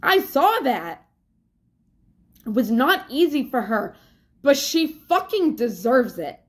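A woman's voice: high voice, very animated, slow. A woman vlogger talking in a rambling, casual confessional way, with plenty of fillers and swearing.

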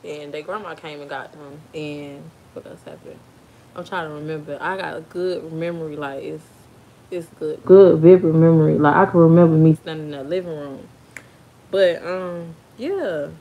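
Young woman, aave accent, casual storytime, laughs a lot, lowish voice. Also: fairly even intonation, moderate pace, mellow, highs cut off, slight background noise. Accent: African American Vernacular English. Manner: chatty, laughs often, talks to kids off camera. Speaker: vlogger telling a birth story.

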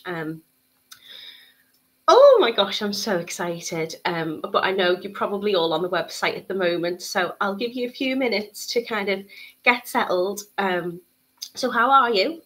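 A woman's voice: lowish voice, moderate pace, a bit bright. Bubbly woman hosting a live stream. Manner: bubbly, chatty, many ums. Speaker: bead shop tutorial host.

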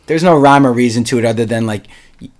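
A man's voice: mid-range voice, quick pace, a little mellow. Chatty podcast host man, says dude. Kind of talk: casual chat.

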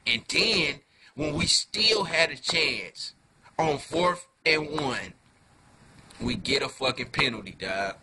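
A man giving a heated fan rant to camera, full of profanity and street slang, dropping low then flaring into loud outbursts. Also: animated, slow, crowd noise. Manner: profane slangy talk, keeps calling listeners "dog"; swings from low muttering to loud angry outbursts. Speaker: fan video reviewer.

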